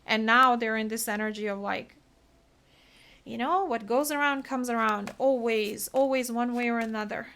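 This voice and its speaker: A woman's voice: fairly high pitch, moderate pace, fairly bright tone. A woman giving a solo tarot reading, talking earnestly and emotionally through what the cards mean. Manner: earnest, emotional, talks through card meanings. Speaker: tarot reader.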